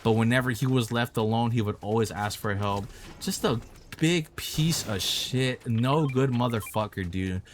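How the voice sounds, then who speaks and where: This young man's vlog is an angry personal story about a coworker, packed with curses and repetition. He talks at a measured pace in a medium-pitched voice, and there's slight noise in the background.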